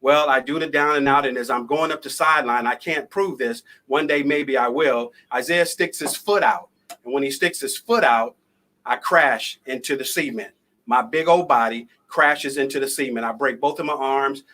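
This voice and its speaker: A man acting as a motivational speaker tells a personal story live over a video call at a moderate pace. His voice is medium-pitched, and his style is conversational and lively.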